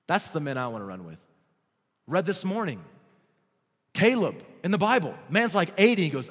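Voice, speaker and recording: A man preaching a sermon as pastor, swinging from hushed, low passages to loud, excited stretches. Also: normal speed, long pauses. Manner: dynamic, swings from hushed to shouting. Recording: long hall reverb.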